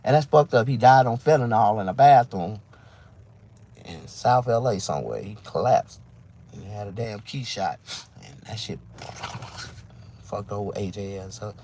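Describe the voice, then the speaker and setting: A comedian man talking casually to his viewers, telling rambling, profane stories that swing between loud outbursts and low asides. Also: normal speed, pauses often. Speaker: stand-up comedian. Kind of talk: casual monologue to camera.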